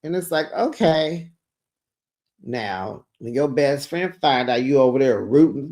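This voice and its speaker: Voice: mid-range voice, lively intonation, measured pace, darkish tone. Sassy gossiping reality-TV recap host. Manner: sassy, gossipy, exclaims and laughs while retelling. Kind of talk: casual reality-TV recap commentary.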